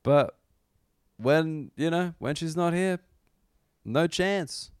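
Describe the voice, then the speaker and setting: A man's voice: a little high, slow pace, clean tone, dry recording, studio quality. A man with an Australian accent, hosting a casual solo comedy podcast, rambling and self-deprecating, swearing freely. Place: corner of a hotel room.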